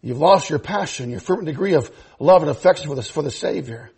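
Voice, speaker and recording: A man preaching a sermon, swinging between loud fervent exhortation and hushed, low pleading. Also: expressive, fast, creaky, husky. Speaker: pastor.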